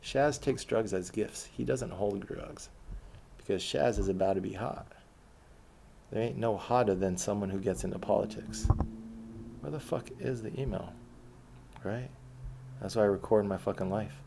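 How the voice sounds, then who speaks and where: A young man delivering a profane, sarcastic, rambling rant to camera, swinging between loud outbursts and low mutters. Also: moderate pace, gravelly, long pauses, slightly rough. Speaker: vlogger. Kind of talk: ranting monologue to camera.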